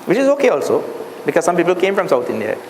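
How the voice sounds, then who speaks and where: A man teaching Sanskrit speaks very fast in a high-sitting, darkish voice whose pitch swoops wildly. In an echoey classroom or hall with faint room noise, he patiently explains and repeats words for the students and asks them questions as he goes.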